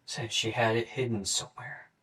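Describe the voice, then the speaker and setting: A young man in his late teens gives a police interrogation statement in a flat, matter-of-fact way, halting with fillers. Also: mid-range voice. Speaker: murder suspect being interrogated. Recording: distant mic in an interrogation room.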